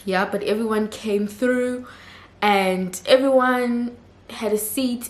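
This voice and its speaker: A woman recaps a reality show episode in a loose, chatty way, quick to laugh at what she saw. Her voice sits at an ordinary middle pitch. The room around her gives off a noticeable echo. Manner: chatty and expressive, laughs readily. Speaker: reality TV reviewer.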